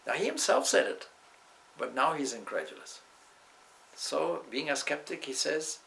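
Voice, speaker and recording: A man's voice: fairly high pitch, very animated, measured pace, vocal fry, fairly bright tone, a little hiss or hum, low-quality recording. A man, a swami, giving a spiritual talk indoors in a discursive way, weaving in stories and side remarks. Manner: discursive, with asides and restarts.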